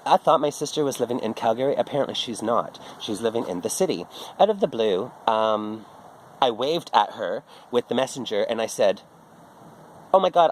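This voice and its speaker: A man's voice: mid-range voice, a little hiss or hum, poor audio. A middle-aged man, rambling through a casual, profane monologue full of restarts and asides. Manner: rambling, profane, self-interrupting. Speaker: vlogger.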